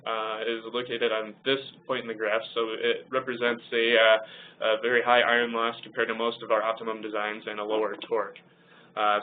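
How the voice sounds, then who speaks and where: A man presenting a technical software webinar, explaining charts and hesitating often with ums and uhs. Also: mid-range voice. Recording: tinny phone-like audio with faint hiss.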